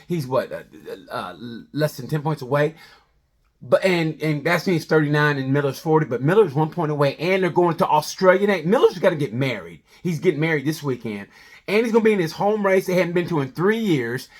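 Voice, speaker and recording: A man with a slightly higher-than-average voice rambles through a comedic race review. He jumps between tangents in an animated, conversational way. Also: fairly quick. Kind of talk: comedic sports review monologue.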